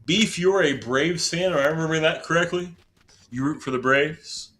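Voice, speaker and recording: A man from southern Indiana in the USA chats casually with his viewers while playing a baseball game on a live stream. His voice is on the high side and a bit bright, at a moderate pace, and he's talkative and self-deprecating.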